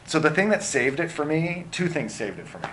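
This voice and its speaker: A middle-aged man, a film director, answering interview questions in an animated way with many fillers and restarts. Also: on the high side, fairly quick, slight background noise.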